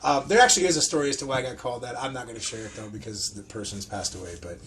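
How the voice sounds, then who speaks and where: A man hosting a podcast, swapping wrestling stories in a casual, profane, animated way and acting out what people said. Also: mid-range voice, rapid-fire, a crowd in the background. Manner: profane, animated storyteller who acts out quotes. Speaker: podcast host and pro wrestler. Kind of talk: casual storytelling chat.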